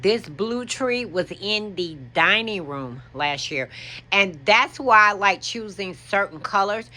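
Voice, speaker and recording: A woman's voice: lowish voice, sharp tone. A woman giving a chatty show-and-tell walkthrough of her decorated bedroom, explaining things as she points them out. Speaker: home decor vlogger.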